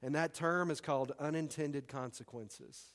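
A man's voice: a little high, moderate pace, fairly bright tone. A man preaching a sermon as pastor in a church, conversational and punchy with emphatic repetition. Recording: long hall reverb.

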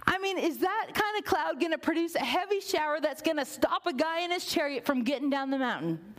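A woman's voice: sits high, expressive, brisk, a bit bright. A woman preaching a sermon, telling a story, acting out the characters' lines and dropping to a whisper for emphasis. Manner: storytelling, acts out voices, drops to a whisper for emphasis.

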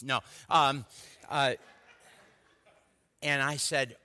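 A man delivers a sermon, his bright and pointed tone carrying long reverb through a large church hall. He tells stories with lively swings from loud declarations to quiet, intimate asides. His pitch sits in an ordinary middle range. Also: measured pace. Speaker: pastor.

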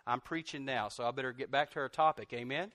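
A middle-aged man preaching a sermon, animated, swinging from loud outbursts to soft, confessional lines. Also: medium pitch, fast talker, dry recording, studio quality. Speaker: pastor.

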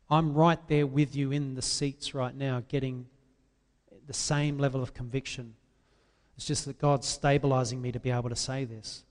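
A man preaching an impassioned sermon, swinging between loud, drawn-out pleas and quiet, confessional asides. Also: mid-range voice, in a large hall.

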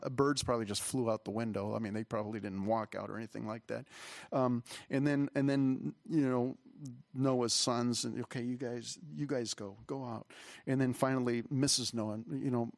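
A man's voice: medium pitch, dry recording. Earnest, rambling male pastor. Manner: rambling, earnest, with many restarts and fillers. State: emotional, voice catching. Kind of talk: conversational sermon. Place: church hall.

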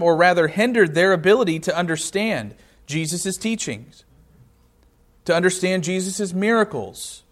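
A man preaching a sermon, reading scripture aloud and explaining it with rhetorical questions. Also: sits high.

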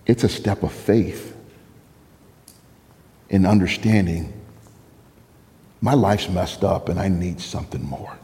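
A man preaching a sermon as pastor, telling a story with lively laughs and acted-out dialogue. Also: low voice, slow, pauses often, big-room sound, slight background noise. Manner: animated storyteller, laughs often, acts out quoted dialogue.

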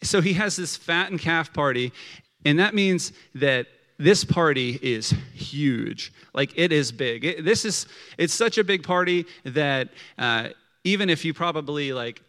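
A man's voice: mid-range voice, a bit bright. Chatty male preacher. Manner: conversational, many fillers of like, acts out quotes. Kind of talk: casual sermon.

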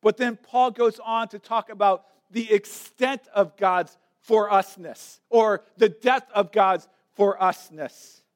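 A man's voice: high-pitched, takes it slowly, few pauses. A male pastor delivering a sermon, emphatic and repeating words as he builds each point.

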